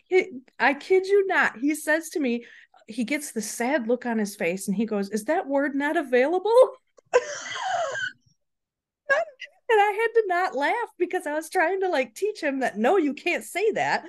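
A woman in her thirties co-hosting a podcast, telling funny parenting stories in an animated way and laughing often. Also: high voice. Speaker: podcast co-host. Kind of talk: casual chat.

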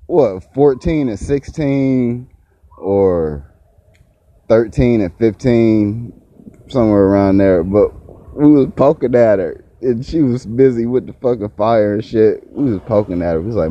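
Profane, animated man telling a story. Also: unhurried. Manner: profane, laughs often, pitch leaps up when excited. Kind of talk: casual storytelling.

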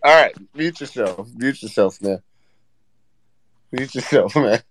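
A man's voice: medium pitch, lively intonation, measured pace, husky. A man hosting a casual live audio chat, exasperated and profane as he keeps the others in line. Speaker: host.

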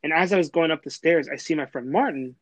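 A young man with a fairly high voice tells a long story in casual chat, and he keeps stumbling over fillers and restarts. He sounds close and dry, with no room around him. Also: quick pace, no room sound, low-quality recording. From Texas. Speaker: host.

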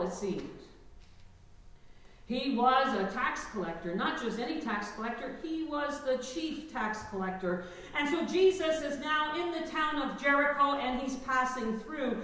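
Woman pastor, lively sermon, high voice, echoey hall recorded from afar. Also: distant mic. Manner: lively preaching with call-and-response. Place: church sanctuary.

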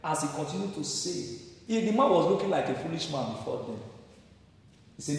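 Preaching a sermon, a Nigerian pastor with a high voice throws out questions and climbs to loud, emphatic high points, his pitch swinging widely. He's brisk, with vocal fry and frequent pauses. The sound is roomy and distant, as if from far back in a big hall with heavy echo and a long reverb tail.

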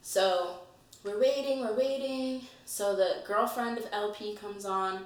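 A woman chatting casually, telling a story in an animated way and laughing often. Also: medium pitch, slow. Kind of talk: casual chat. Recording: echoey room, far mic, faint noise.

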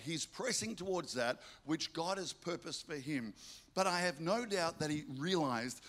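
A man preaches, piling up rhetorical questions and breaking into lively stories. His voice sits slightly high for a man, and he keeps returning to the same phrases to drive his point home. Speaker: pastor. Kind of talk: sermon.

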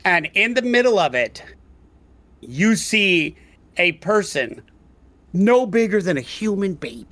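High, bright-voiced game master. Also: male voice, sing-song. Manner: rambling, halting descriptions full of fillers. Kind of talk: narrating a tabletop game.

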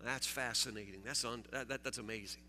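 A man preaching a sermon, halting and repeating words, joking with his listeners. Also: medium pitch, fairly even intonation, pushed and bright, slight background noise. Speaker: pastor. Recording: long hall reverb.

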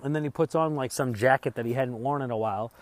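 A man's voice: medium pitch, fast. A man vlogging as he travels, telling a rambling, profane story in casual chat. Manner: rambling, profane, laughs while retelling.

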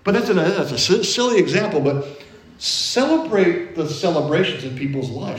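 Folksy preacher in a roomy church. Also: male voice, on the high side, expressive, moderate pace. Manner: conversational, folksy preaching with everyday anecdotes. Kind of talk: sermon.

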